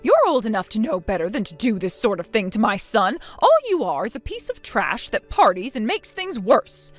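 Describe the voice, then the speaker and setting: A synthetic woman's voice playing a spiteful, bossy older mother-in-law in a text-chat story, scolding with contempt and a lively pitch. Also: normal speed, faint music behind. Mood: scornful.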